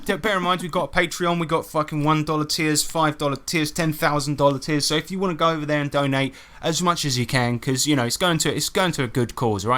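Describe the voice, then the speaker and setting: A man hosting a casual podcast, who swears freely and tells stories with animation. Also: on the high side. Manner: profane, animated storytelling. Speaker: podcast host.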